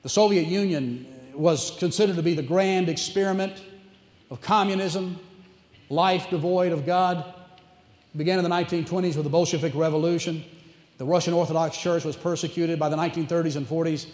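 East Tennessee pastor, emphatic, fairly high voice, in a big echoing church hall. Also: male voice, a little fast. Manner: animated, emphatic preaching with rhetorical questions. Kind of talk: sermon. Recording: echoey church hall reverb.

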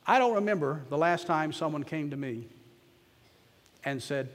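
A man's voice: a little high, normal speed, long reverb tail. A man preaching as a pastor, telling a story in a folksy, self-deprecating way. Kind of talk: storytelling sermon.

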